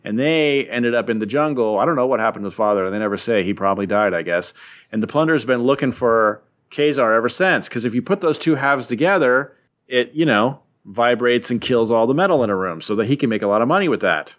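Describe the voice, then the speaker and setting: A man's voice: mid-range voice, animated, brisk, fairly bright tone. Rambling, jokey man recapping a comic. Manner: rambling and jokey, with many fillers. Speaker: podcast host recapping a comic. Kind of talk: casual chat.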